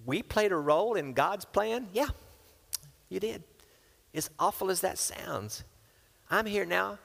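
A man's voice: high-pitched, unhurried, creaky. A man preaching, his voice carrying a long reverb tail from a large hall. He reads scripture aloud, then drops into casual, playful asides where he voices the characters himself. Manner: lively, acts out characters with casual modern asides. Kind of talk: sermon with Bible reading.

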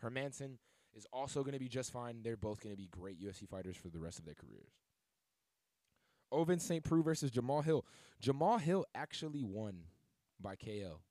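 A man's voice: lowish voice, warm tone, no echo. Rambling casual male sports podcaster. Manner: loose, rambling, filler-heavy delivery with self-corrections. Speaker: podcast host.

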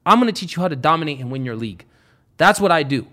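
A man's voice: on the high side, lively intonation, quick pace, pushed and bright. A young man hosting a casual podcast, brash and swearing, laughing often as he talks. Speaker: podcast host.

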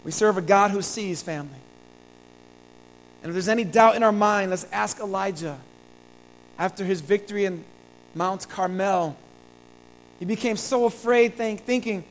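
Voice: mid-range voice, normal speed, low-quality recording. Earnest pastor preaching a sermon. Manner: earnest, repeating phrases and building to emphatic peaks.

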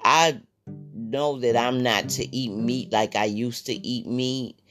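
A man talks slowly and bluntly in a casual spiritual monologue, swearing freely and circling back to repeat himself. Soft guitar plucks quietly under his voice. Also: mid-range voice, steady tone. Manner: blunt, profane, repeats phrases. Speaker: podcast host.

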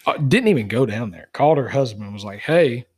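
A middle-aged man, a podcast guest who tells hunting stories in a casual, animated way and acts out the dialogue. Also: fairly low pitch, fast talker, slightly rough, no echo. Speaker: guest, dog tracker for wounded deer. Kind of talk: casual storytelling.

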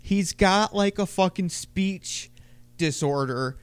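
A fairly high-voiced man co-hosting a podcast, telling stories in an animated, foul-mouthed way. He sounds close to the mic in a dry, dead room. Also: slow, clear, resonant tone, no echo. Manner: animated storyteller, swears constantly. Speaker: podcast co-host. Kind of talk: casual chat.

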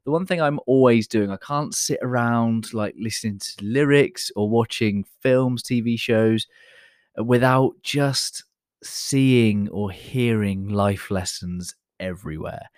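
A man's voice: medium pitch, slow, dry recording, clean studio sound. A man hosting a podcast, talking in a casual, chatty, motivational way, self-deprecating, with many fillers and restarts. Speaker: podcast host.

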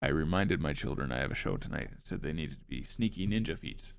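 A man's voice: rumbling low, expressive, quick pace, creaky, slight background noise. A man hosting a show, reading informational notes aloud and breaking off for joking asides. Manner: wry, joking asides between read facts. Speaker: show host.

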